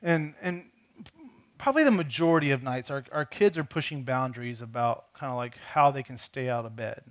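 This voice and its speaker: A pastor preaches a conversational sermon, earnestly telling a personal story and often repeating words as he restarts sentences. His mid-range voice moves a little fast.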